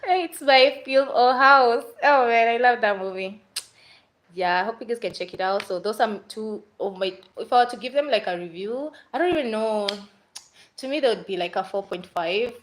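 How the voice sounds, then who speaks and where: A woman's voice: medium pitch, fairly bright tone, low-quality recording. A young Kenyan woman chatting casually on a livestream about movies she watched, rambling and dropping Swahili fillers. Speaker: vlogger reviewing movies.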